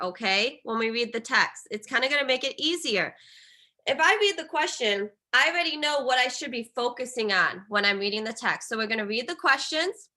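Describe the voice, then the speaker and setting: A woman teacher with a bright, fairly high voice leads a reading lesson. She repeats her instructions and checks in with the class again and again, keeping everyone on track.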